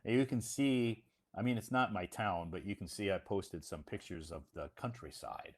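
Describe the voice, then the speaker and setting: A man's voice: fairly low pitch, moderate pace. A man from Iowa, casually talking to English learners in a spoken lesson, repeating phrases and checking understanding with "okay?". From United States, Iowa.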